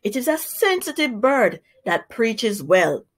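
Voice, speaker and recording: A woman voicing the sly male spider trickster Anansi in a storybook reading, smooth and persuasive. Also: fairly high pitch, big pitch swings, slow, exaggerated voice. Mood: scheming.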